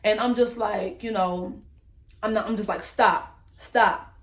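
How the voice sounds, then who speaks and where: A young woman, emotionally recounting a personal story to the camera in a candid, halting way and speaking straight to her viewers. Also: mid-range voice, fairly even intonation. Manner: candid, halting, speaks to viewers as "y'all", voice rises when reliving moments. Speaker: vlogger telling her story.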